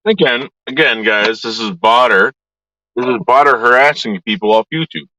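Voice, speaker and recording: A man's voice: mid-range voice, moderate pace, bright, forceful tone, no echo, low-quality recording. A man ranting to his viewers in a vlog, swearing often and talking in an agitated way. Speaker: YouTuber.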